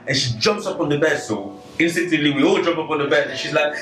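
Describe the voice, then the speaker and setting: A man's voice: fairly high pitch, fast talker, few pauses. A young man, casually telling a story on a podcast, piling on filler words and checking in with "right?". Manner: animated, filler-heavy, full of "like" and "right?". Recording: echoey room, slightly distant, faint music.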